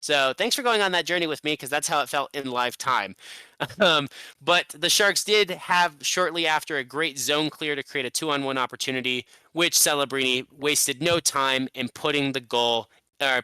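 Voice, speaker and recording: A man co-hosting a casual sports podcast, recapping a game in animated rants with some swearing. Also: on the high side, normal speed, clear, resonant tone, dry recording. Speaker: podcast co-host.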